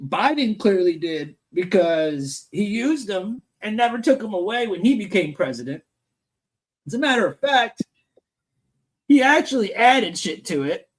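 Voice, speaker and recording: A man's voice: sits high, very animated, measured pace, slightly rough. A man hosting a live stream panel, reading and ranting about the news in a crude, profane, brash way.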